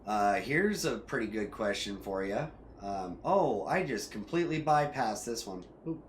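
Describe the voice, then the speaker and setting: Guy streaming a game, kinda low voice, talks slow, lots of ums and restarts. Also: slight background noise. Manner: rambling, with many fillers and restarts; gets excited and loud about cars. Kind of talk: casual gameplay commentary.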